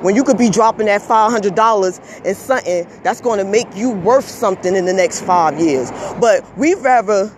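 A man's voice: high voice, normal speed, few pauses, a little hiss or hum. A man delivering a heated, emphatic monologue rant, repeating himself, scolding listeners and swearing when worked up.

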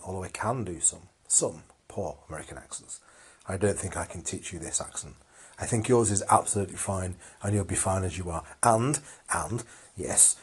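A man hosts a casual call-in chat, encouraging and playful with the callers. His voice is low and a bit husky.

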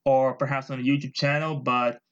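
A man's voice: mid-range voice, level tone, brisk, dull audio. A young man hosting a solo motivational podcast, talking bluntly and emphatically, swearing for emphasis and often repeating himself. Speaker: podcast host.

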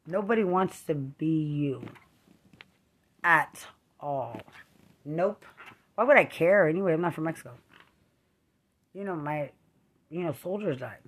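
This is a middle-aged veteran from Texas in an angry monologue. The voice sits at a mid-range pitch and stays accusatory throughout. The talk rambles and keeps repeating the same charges. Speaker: army veteran.

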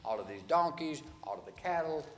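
A man's voice: fairly high pitch, expressive, fairly quick, in a large hall, pitched above the performer's own voice, natural voice. A man voicing Satan as a scheming, mocking male figure, speaking insistently with a raised voice.

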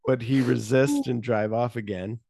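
With a gravelly, medium-pitched voice at normal speed, this podcast host tells movie scenes in animated fashion, cursing liberally and performing the characters' dialogue. The studio-quality recording has no room sound.

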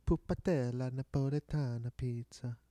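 A man's voice: medium pitch, normal speed, warm tone, dry recording. A man chatting casually on a podcast, telling eager stories and laughing along. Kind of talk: casual chat.

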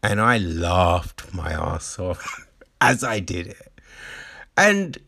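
A man's voice: deep voice, very animated, very slow, gravelly, pushed and bright. A man hosting a show, talking in a rambling, casual monologue, laughing often and swearing freely. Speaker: show host.

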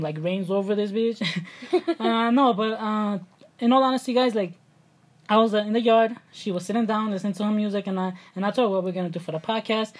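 A young New York woman with a thick local accent chats on a podcast, loose and unscripted. She laughs a lot, swears freely and keeps turning to her listeners as guys. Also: mid-range voice. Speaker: podcast co-host. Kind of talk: casual chat.

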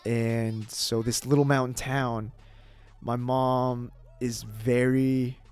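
A man, a podcast guest, telling a personal story in casual talk, animated, with lots of fillers and swearing. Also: medium pitch, slow, clean tone, soft background music.

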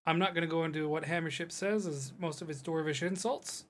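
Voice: mid-range voice, fairly quick, few pauses. A game master describing scenes for a tabletop roleplaying game in a loose, rambling way. They often stop to search for words and laugh along with the players.

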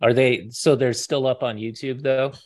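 A man in casual podcast chat who gives brief, slow responses. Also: medium pitch, fairly even intonation.

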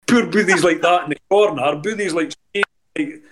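A man with a Scottish accent, a former footballer, telling animated stories as a podcast guest. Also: fairly high pitch, unhurried. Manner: animated, rambling anecdotes with many restarts. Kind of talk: casual storytelling in a podcast interview.

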